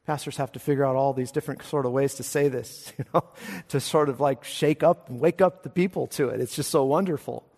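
A man preaching a sermon as pastor, emphatic, swinging between hushed lines and loud, ringing ones. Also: medium pitch, a little fast. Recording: long hall reverb.

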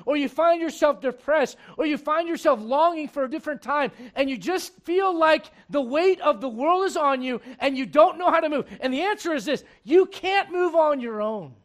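A man in his thirties preaching a sermon in a conversational way, swinging between loud emphasis and hushed asides. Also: extremely high pitch. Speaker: pastor.

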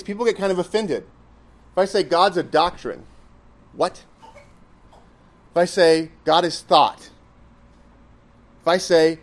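A man's voice: a little high, moderate pace, pauses often. Emphatic man teaching a sermon. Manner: emphatic, reasoning step by step. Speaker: preacher.

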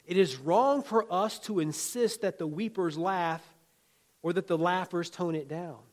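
A man's voice: sits high, measured pace. Folksy man preaching a sermon. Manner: folksy, conversational preaching with humor and asides. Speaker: pastor.

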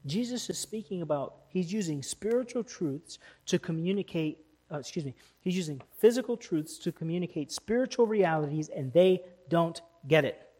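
A man preaching to his congregation, pressing his points with emphatic stresses. His voice sits a little higher than most men's. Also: animated, moderate pace, hardly any pauses. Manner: emphatic, rising to loud stresses. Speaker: pastor. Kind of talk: sermon. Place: church.

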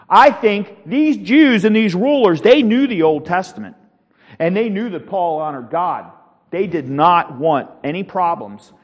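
Male Sunday school teacher, high-pitched, earnest and rambling, quizzes the class, echoing hall. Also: lo-fi sound.

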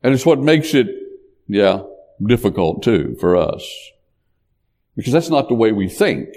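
A man's voice: fairly low pitch, big pitch swings, a little slow, a little mellow. A man preaching a sermon as a pastor, with an emphatic, preacherly cadence that rises on key points. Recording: long hall reverb.

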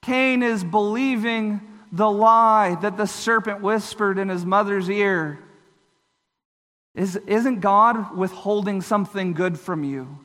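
A man's voice: high voice, takes it slowly, fairly bright tone, in a large hall. A man preaching a sermon, earnest and explanatory, slipping into short voiced asides.

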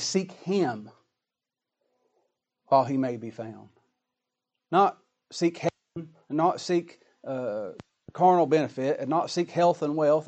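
A man preaching a sermon in a folksy, dramatic style, with plain colloquial grammar and rising, emphatic lines. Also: a little high.

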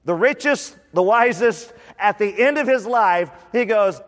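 A man preaching a sermon as a pastor, lively and conversational, repeating words for emphasis. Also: sits high, moderate pace, hardly any pauses. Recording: long reverb of a large hall.

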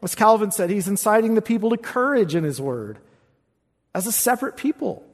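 A man preaching a sermon, reading scripture with emphasis and rising high on the quoted verses. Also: sing-song, brisk. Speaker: pastor. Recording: long reverb of a large hall.

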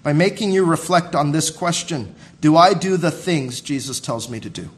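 High-voiced man preaching with emphatic repetition. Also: normal speed. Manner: emphatic preaching with repeated phrases and rising intensity. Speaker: pastor. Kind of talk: sermon.

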